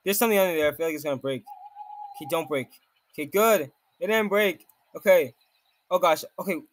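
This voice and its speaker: A high-pitched man commentating his gameplay as it happens, jumpy and easily startled. He talks to himself and to his viewers in a stream of nervous exclamations. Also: brisk. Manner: jittery and excitable, constant nervous exclamations. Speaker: gaming video creator.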